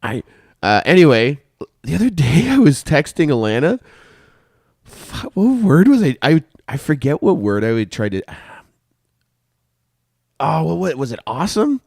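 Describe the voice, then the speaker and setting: A man's voice: fairly high pitch, very animated, measured pace, creaky, pauses often, darkish tone, no room sound, clean studio sound. A Canadian man hosting a podcast, telling rambling, profane stories in casual chat, drifting into asides. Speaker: podcast host.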